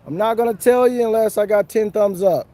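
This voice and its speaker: High-voiced man chatting on a livestream. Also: fairly quick, warm tone. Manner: chatty, repetitive, earnest, chuckling. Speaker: fishing livestreamer. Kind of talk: casual live-stream chat. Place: outdoors under a tree.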